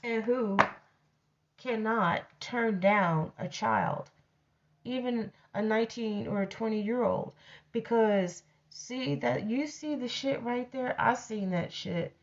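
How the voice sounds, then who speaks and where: A woman's voice: on the high side, slow pace, highs cut off. A woman telling a personal story in a blunt, profane, ranting way, casually addressing her audience. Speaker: storyteller host.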